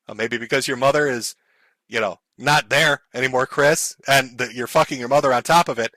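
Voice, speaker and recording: A man's voice: medium pitch, brisk, sharp tone, no echo. A man ranting and mocking on a live stream, swearing and sarcastic.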